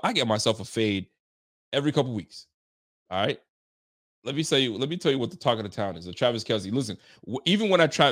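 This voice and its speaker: A man hosting a casual live stream, reacting with incredulous, animated talk and frequent laughter. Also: medium pitch, dry recording, studio quality. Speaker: show host.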